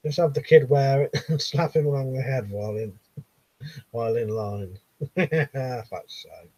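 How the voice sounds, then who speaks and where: A man's voice: mid-range voice, measured pace, a little mellow, breathy edge, no echo, rough recording. A man with a Southern English accent hosting a casual live stream, reading viewers' comments aloud with frequent laughs and casual swearing. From Buckinghamshire, England.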